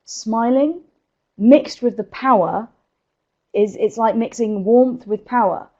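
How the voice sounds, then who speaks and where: An energetic woman speaker, giving presentation tips in a live webinar and laughing often. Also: on the high side, slow, muffled recording.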